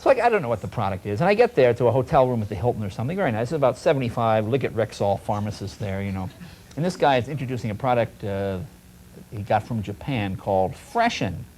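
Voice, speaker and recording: A man who is a talk show guest and comedian, telling a comic story in an animated way and jumping into voices for the people in it, in a noisy old TV broadcast recording. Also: medium pitch, fast. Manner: animated, jumps into voices for the people in his stories.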